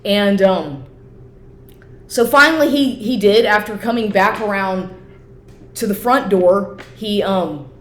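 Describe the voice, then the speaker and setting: A woman vlogger in an upset, profane rant, talking fast and repeating herself. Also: medium pitch, animated. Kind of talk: agitated personal rant to camera. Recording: echoey room with faint noise.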